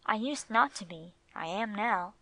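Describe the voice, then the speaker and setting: A woman's voice: medium pitch, lively intonation, a little slow, a bit bright, no echo, low-quality recording. A woman voicing an amused, emphatic middle-aged wife in a storybook reading. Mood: fond.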